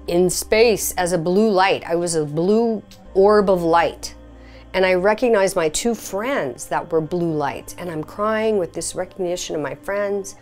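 A woman recounting a personal experience in a conversational, filler-heavy way, her voice leaping up when she relives quoted moments. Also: on the low side. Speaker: experiencer sharing her story. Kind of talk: personal testimony.

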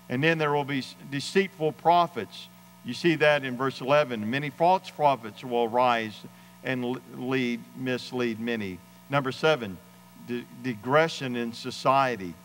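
A man's voice: medium pitch, moderate pace, fairly bright tone, a little hiss or hum. Emphatic preaching man in a reverberant church. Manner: emphatic preaching with dramatic quoted voices. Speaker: pastor. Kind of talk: sermon. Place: church sanctuary.

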